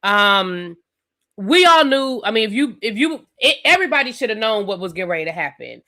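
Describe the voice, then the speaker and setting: A woman hosting a live TV review stream, recapping an episode in a chatty, animated way with lots of fillers and asides. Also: mid-range voice, brisk. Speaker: TV review channel host.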